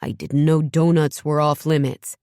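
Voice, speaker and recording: A woman's voice: low-pitched, level tone, moderate pace, warm tone, dry recording, clean studio sound, lightly acted. A woman voicing a blunt, defensive man who is a father.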